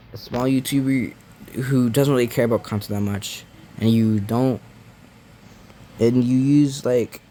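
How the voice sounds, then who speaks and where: A man's voice: on the low side, darkish tone. A young man rambling in a casual, filler-heavy rant, often frustrated and saying bro, through a muffled mic. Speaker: gaming YouTuber. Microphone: muffled mic blocked by device case. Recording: muffled audio with faint background noise.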